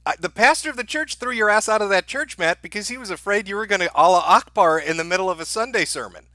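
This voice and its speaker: Male stream host, mocking and profane commentary, bright animated voice. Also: sits high, fast, few pauses, no room sound. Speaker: livestream host. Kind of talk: sarcastic commentary on a played clip.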